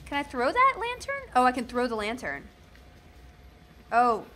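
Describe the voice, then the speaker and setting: Playing a video game, a Southern U.S. woman who streams gaming keeps up a chatty, joking commentary. Her high voice is bright and forceful, with huge swings in pitch and a measured pace.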